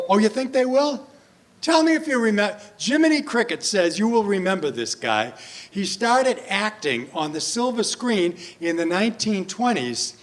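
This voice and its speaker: A man's voice: high voice, big pitch swings, moderate pace, slight background noise. A male entertainer joking and chatting with a senior audience between sing-along songs at a live show. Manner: jokey, playful, chats with the audience. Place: performance room at a senior residence. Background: backing music.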